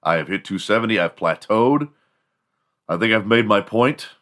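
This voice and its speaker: A man's voice: on the low side, expressive, normal speed, a bit bright. A man from Houston hosting a podcast, talking in a crude, joking, rambling solo monologue. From Houston, Texas. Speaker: podcast host.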